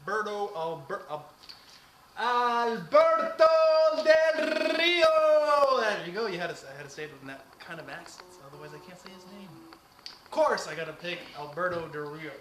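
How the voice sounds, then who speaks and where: A man's voice: fairly high pitch, fast. A man co-hosting a casual wrestling chat, announcing each match and giving his pick. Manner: announcer-like, reads out match cards. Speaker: co-host. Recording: echoey room with faint noise.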